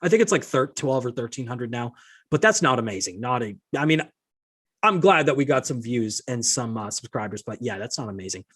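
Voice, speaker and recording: Hosting his own show alone, a medium-pitched man rants briskly with lively intonation. He sounds exasperated and indignant, swears often, and reads out messages he received.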